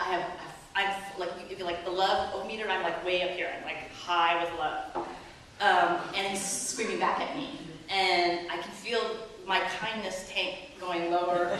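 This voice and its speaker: A woman preaching in a church, telling a story with lively, self-mocking humor. Her voice sits in a middle range. It bounces around a big echoey hall and is picked up from some distance, with a faint murmur behind it. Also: medium pitch, slight background noise. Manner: animated, self-mocking storyteller who laughs and acts out quotes. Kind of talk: sermon storytelling.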